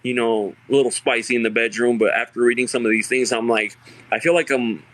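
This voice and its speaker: On a dry recording, a young man speaks fairly quickly in a mid-range, fairly bright voice with fairly even intonation. As host of a casual podcast chat, he tells stories loosely, with heavy fillers and frequent laughter.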